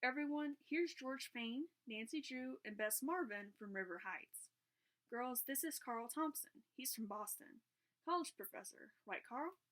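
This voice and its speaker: A woman's voice: sits high, expressive. A woman reading aloud, voicing a cheerful, upbeat male tour guide in a storybook. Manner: bright, brisk, friendly.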